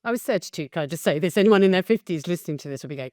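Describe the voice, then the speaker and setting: A woman in her fifties recounts her own story on a podcast, candid and animated, leaning hard on key words. Her voice sits low, and the recording is dry and close. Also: very fast, no echo. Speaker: guest, facilitation business founder. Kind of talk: podcast interview, personal storytelling.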